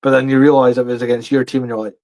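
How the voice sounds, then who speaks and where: A man's voice: medium pitch, little pitch movement, rapid-fire, a little mellow, rough recording. A man, co-hosting a casual podcast with jokey, chatty banter. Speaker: podcast co-host. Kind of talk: casual sports chat.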